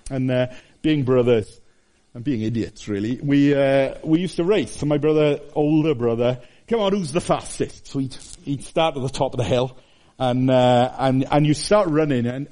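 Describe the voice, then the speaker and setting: A man in his fifties, from Wales, preaching a conversational sermon that swings between high exclamations and hushed asides. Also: moderate pace. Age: 50s.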